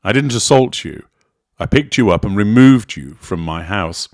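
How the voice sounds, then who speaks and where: A man reading the lines of a frustrated man who reasons insistently with his partner, in a low, dry voice. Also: expressive, normal speed, no echo.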